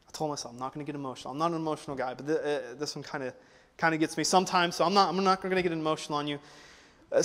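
A young man preaching a sermon, moving from loud, driving exhortation to quiet, emotional personal storytelling. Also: on the high side, long reverb tail. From United States. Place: church auditorium.

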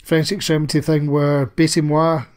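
A man's voice: fairly high pitch, little pitch movement, normal speed. A man co-hosting a podcast, chatting casually about films with lots of swearing and rambling asides. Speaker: podcast co-host. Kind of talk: casual film chat.

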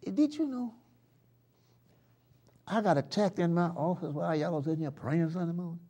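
A man preaching a live church sermon, swinging from loud shouts down to hushed murmurs and leading the congregation in call-and-response chants. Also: on the high side, moderate pace, breathy edge. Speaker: pastor. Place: church sanctuary.

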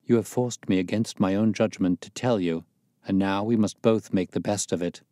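A man's voice: fairly low pitch, moderate pace, mellow, no echo, clean studio sound, close to an everyday voice. A man voicing a proud, desperate young wife in an audiobook reading, pleading in a strained, raised voice.

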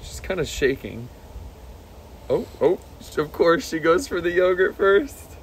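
A man's voice: on the high side, lively intonation, a little slow, slight background noise. Playful man cooing at his pet. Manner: playful, coos in baby talk to his pet. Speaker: vlogger and pet owner. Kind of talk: casual vlog talking to his pet.

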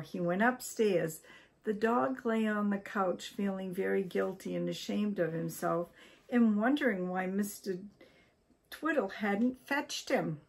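An older woman from Maine reading a children's story aloud at a gentle, unhurried pace. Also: medium pitch, creaky, husky. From Maine, USA.

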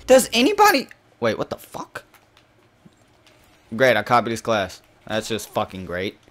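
A young man hosting a gaming channel, giving live commentary over his own match, shifting between calm explanation and sudden cursing outbursts. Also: on the low side, a little slow. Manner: frustrated, swearing, swinging between calm and outbursts.

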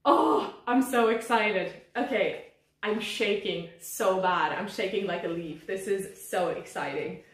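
A woman unboxing plants in a casual vlog, gushing and giddy, sometimes squealing with excitement. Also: medium pitch, measured pace. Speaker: plant vlogger. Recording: echoey room.

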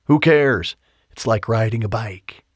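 In an audiobook romance, a man voices an earnest, remorseful young man, speaking with emphasis and an eager mood. His medium-pitched, natural voice is unhurried and pitched above his own, in a dry, clean studio recording.

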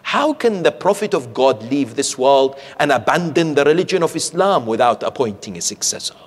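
A man's voice: mid-range voice, very animated, normal speed, breathy edge, pitched below the performer's own voice. A man voicing a clever young schoolboy who reasons politely with his teacher, heard in an echoey hall. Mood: earnest.

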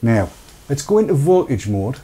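A middle-aged man from Britain hosts a casual live stream. His voice is mellow and warm, sitting at an ordinary pitch, and he rambles in a jokey, friendly way, trailing off and picking up again. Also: very animated, moderate pace, husky. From United Kingdom. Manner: chatty, jokey, reads viewer comments aloud. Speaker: show host.

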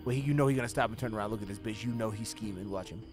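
A young man streaming a video game, giving profane running commentary that swings between low muttering and sudden yelling. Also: very fast, soft background music. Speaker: gaming streamer. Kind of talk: live gameplay commentary.

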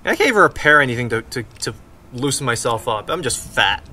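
Excitable, lively young man gaming. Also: mid-range voice, fairly quick. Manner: excitable, swearing, yelling at the game. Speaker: let's play gamer. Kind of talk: gameplay commentary. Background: game music.

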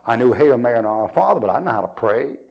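A man's voice: mid-range voice, lively intonation, very fast, creaky, highs cut off. Man preaching in folksy storytelling style. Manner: chuckles as he tells stories and acts out the dialogue.

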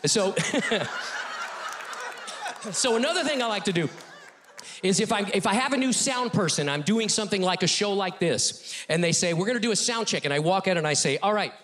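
A middle-aged male ventriloquist doing a comedy routine on a TV talk show stage. He is animated and often chuckles between lines. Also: high-pitched, moderate pace, pauses often. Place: TV studio stage with audience.

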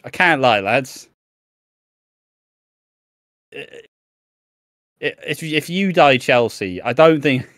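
A man's voice: mid-range voice, a bit bright, no room sound, clean studio sound. A young man hosting a chat show, recapping plot points with jokes and casual swearing. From Britain. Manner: joking, swearing, brisk recapping. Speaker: podcast host.

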